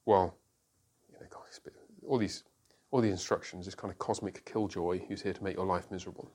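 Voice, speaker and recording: A man's voice: deep voice, fairly even intonation, brisk, a little mellow. Man, Bible study leader, group discussion, asks questions, explains patiently with examples.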